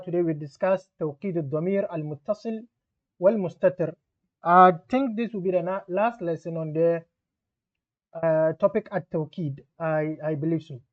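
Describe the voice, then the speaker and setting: A man's voice: high-pitched, highs cut off. A man teaching a grammar lesson, explaining methodically and repeating each term and example. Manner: methodical, repeats terms and examples, mixes Arabic terms into English.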